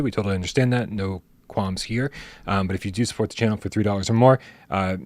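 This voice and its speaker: Male streamer co-host, fast, casual, filler-heavy sign-off, dry sound. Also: lowish voice, dry recording. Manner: relaxed, rambling, lots of fillers. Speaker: podcast co-host.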